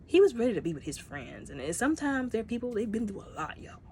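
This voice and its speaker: A woman casually reviewing a movie, retelling scenes with lively, acted-out character lines. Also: a little high, quick pace, a little hiss or hum.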